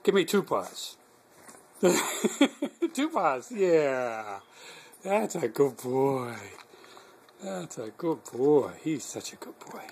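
A man's voice: fairly high pitch, sing-song, very slow, vocal fry, slightly rough. Man coaxing his dog in sing-song. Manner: warm, earnest prayer at the end. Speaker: dog owner. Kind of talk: home video talking to a pet. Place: home living room with a couch. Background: dog in the room.

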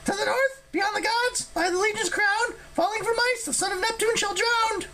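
A woman's voice: very high-pitched, normal speed, pushed and bright, a little hiss or hum, voice pushed up. A man voicing a twitchy female harpy who blurts out facts in sudden bursts. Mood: excited blurting.

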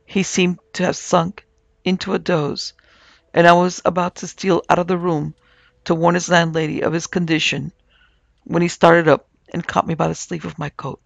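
A man narrating a supernatural tale in a measured, scripted storytelling manner. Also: fairly high pitch, flat delivery, vocal fry, a bit bright, no echo, muffled recording. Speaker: narrator and producer.

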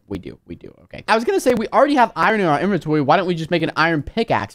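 A man hosting a let's play, narrating his moves with jokey asides and breaking into sudden gasps and shrieks. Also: fairly high pitch. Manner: excitable, bursts into loud shrieks and gasps. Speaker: gaming channel host.

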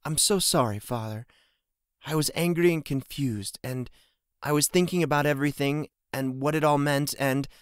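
A man's voice: fairly high pitch, normal speed, clear, resonant tone, no room sound, pitched above the performer's own voice, lightly acted. A man voicing a young farm girl who is upset and close to tears. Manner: tearful, apologetic.

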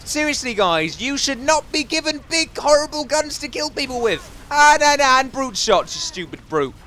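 A man giving jokey, excitable commentary as he plays a video game, chatting to his viewers and taunting enemies. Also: very high voice, moderate pace, a little hiss or hum. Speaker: gaming YouTuber. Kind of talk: casual Let's Play commentary.

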